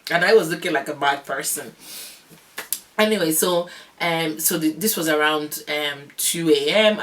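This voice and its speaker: A young woman vlogger telling a long story in a casual, animated, rambling way, often laughing. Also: sits low. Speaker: vlogger, new mother.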